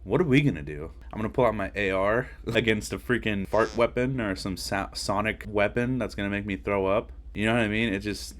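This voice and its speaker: A man's voice: fairly low pitch, brisk, hardly any pauses. A man hosting a podcast, giving a casual, slangy, rambling reaction to a video. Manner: laid-back, rambling, slangy.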